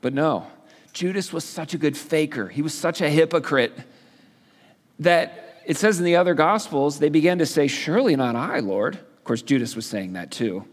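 Brief male pastor, fairly high voice, casual storyteller, sermon in a big echoing hall. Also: animated, moderate pace. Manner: casual storytelling with playful asides. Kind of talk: sermon, conversational Bible teaching.

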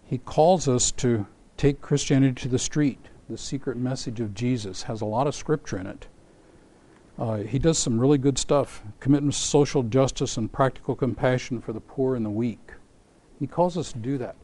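A man preaching a sermon in a relaxed, mellow voice of middling pitch. He brings a scripture story to life, acting out its voices and firing rhetorical questions at the listeners. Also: moderate pace.

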